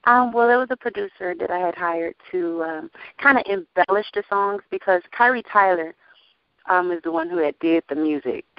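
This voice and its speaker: A lively woman singer speaks in an interview with lots of energy, laughing as she talks. The sound is a bit muffled and dull. The room gives almost no echo. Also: mid-range voice, moderate pace. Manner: animated, testifying, laughs often. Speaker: gospel singer and label owner. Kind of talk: casual interview talk.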